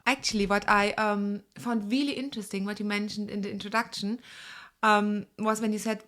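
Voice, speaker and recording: A woman's voice: mid-range voice, little pitch movement, a little fast, fairly bright tone. German-accented woman chatting on a podcast. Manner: chatty, laughs often, searches for words. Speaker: podcast guest. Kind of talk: casual chat.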